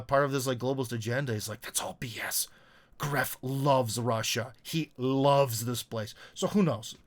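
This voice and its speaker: Rambling, chatty man with many fillers. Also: mid-range voice. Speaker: commentator hosting a live talk. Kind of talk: casual live commentary. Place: lives in Russia.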